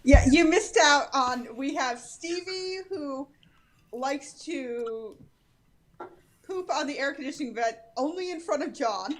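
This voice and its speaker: A woman with a high voice chats over a video call. She tells home anecdotes in a chatty, amused way. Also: expressive, slow. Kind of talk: casual group video chat.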